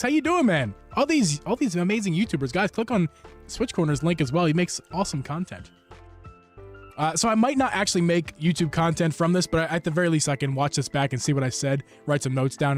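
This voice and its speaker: A man hosting a casual live stream about game accessories, rambling and interrupting himself, with enthusiastic shout-outs to viewers. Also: a little high. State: hot and sweaty. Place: room at home. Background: background music.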